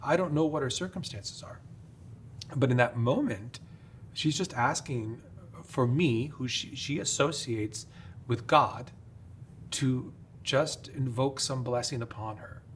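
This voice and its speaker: A middle-aged man, a priest, explains things in a measured, careful way, with many small pauses and fillers. His voice sits at an ordinary pitch, and a faint rumble runs under the podcast recording. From upstate New York. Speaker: priest, guest.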